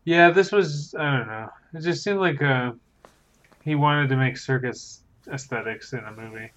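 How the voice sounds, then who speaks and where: A Canadian man co-hosting a podcast, speaking in a relaxed, dry, easygoing way. His audio sounds dull and a bit lo-fi, as if from a cheaper mic. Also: mid-range voice, normal speed. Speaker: podcast co-host. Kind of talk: casual chat.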